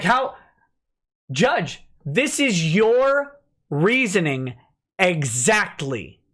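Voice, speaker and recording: A man's voice: high-pitched, a bit bright. Man reading legal filings. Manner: reads citations fast, then slows to stress points; stumbles and self-corrects on case names. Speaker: lawyer commentator, host.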